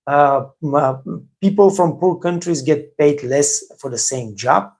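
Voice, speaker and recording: Man with a Bulgarian accent, gravelly fry, slightly high voice, blunt, repetitive live-stream talk. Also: measured pace, a little mellow. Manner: blunt, repeats himself, many fillers. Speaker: host of a live stream for waiters.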